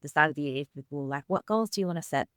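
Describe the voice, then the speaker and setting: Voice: mid-range voice, very fast, a bit bright, smooth, no room sound, studio quality. A podcast host talking casually and loosely, with casual swearing. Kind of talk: casual conversation.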